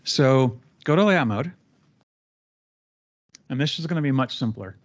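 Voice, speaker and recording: A man guiding a trainee step by step through a software training session, relaxed and chatty with fillers. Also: mid-range voice, unhurried, dull audio. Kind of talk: live screen-share training session.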